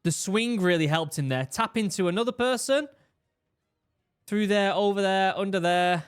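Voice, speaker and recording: A man, a former marine giving casual, animated commentary while reacting to a training video, often restarting his sentences. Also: high-pitched, moderate pace, clean tone. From England. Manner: animated, exclaiming, with repeated restarts.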